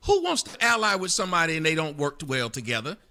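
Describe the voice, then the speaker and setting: A man in a heated live-stream argument, mocking, profane and shouting in bursts. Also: on the high side, sing-song, fast. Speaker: debate guest.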